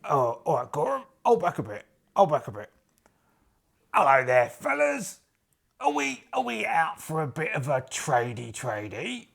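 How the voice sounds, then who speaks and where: A man's voice: a little high, huge pitch swings, unhurried, vocal fry, fairly bright tone, exaggerated voice. A man voicing a cheeky male duck adventurer in a solo tabletop role-play, with a matey, wheedling sales patter.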